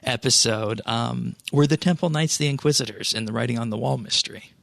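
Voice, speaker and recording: A man's voice: medium pitch, fairly quick, creaky, a bit bright, no echo. A man hosting a casual podcast, asking the guest questions in a conversational way. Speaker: podcast host.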